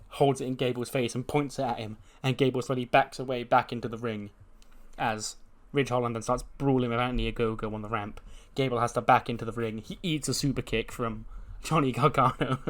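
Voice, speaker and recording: A man in an everyday mid-pitched voice casually recapping his wrestling booking game. He rambles along with fillers and little laughs, like a relaxed let's-play narrator. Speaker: gaming YouTuber. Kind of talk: casual commentary on a wrestling sim.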